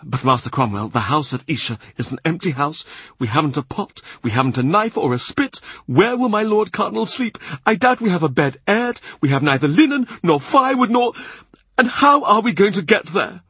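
A man's voice: lively intonation, a bit bright, husky, no echo, full character voice. A man voicing an anxious, fussy male household steward who frets over missing supplies. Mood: fretful. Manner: fretful, rising high and fast with worry.

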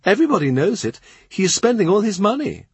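A man voicing an excitable, gossipy young lady-in-waiting in an audiobook, high and gushing. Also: quick pace, husky, dry recording, exaggerated voice.

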